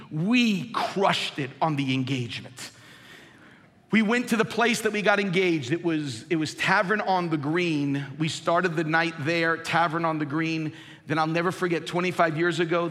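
A man in his forties preaching a sermon as pastor, emphatic and dramatic, dropping low and quiet for stories. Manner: emphatic preaching, swinging from loud highs to low storytelling. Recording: long hall reverb.

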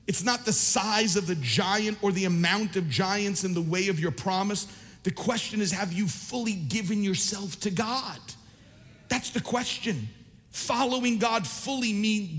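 A man preaching a sermon as pastor, impassioned and rising to shouts at times, then reading scripture more quietly. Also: high-pitched, in a large hall.

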